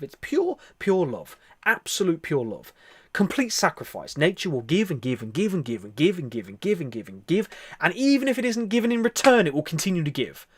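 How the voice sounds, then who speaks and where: A man hosting a spiritual livestream, talking earnestly and repetitively, then softly whispering into a close microphone as he guides a meditation. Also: high voice, dry recording. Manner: earnest, repetitive, soft-spoken. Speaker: livestream host.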